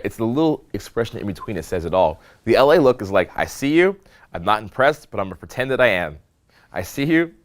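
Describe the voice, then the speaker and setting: A man with a fairly low voice leads a live seminar on social skills. He teaches in an animated, demonstrative way, acting out examples and checking in with the room with quick "okay?" and "right?" prompts. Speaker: dating and social skills coach.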